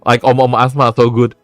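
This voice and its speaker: An animated male streamer talks casually, laughing and cursing freely. His voice sits at a medium pitch and is recorded dry and close on a desk mic. Faint music plays behind him. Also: gravelly, no room sound. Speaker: VTuber streamer.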